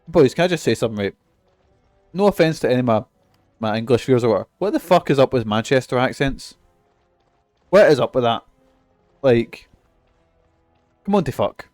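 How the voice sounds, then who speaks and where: A man's voice: medium pitch, animated, brisk, long pauses, a little mellow, no echo, faint music behind. A Scottish man streaming a video game, chatting casually in a profane, joking, rambling way.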